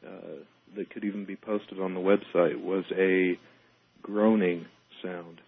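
A man's voice: deep voice, level tone, unhurried. A male paranormal investigator on a phone-in, explaining matter-of-factly. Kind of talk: phone-in interview. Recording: tinny phone line.

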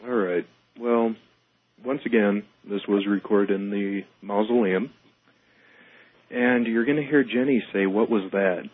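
A man's voice: fairly low pitch, steady tone, a little slow, pauses often, no room sound. A male paranormal investigator on a phone-in, explaining matter-of-factly. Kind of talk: phone-in interview. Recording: tinny phone line.

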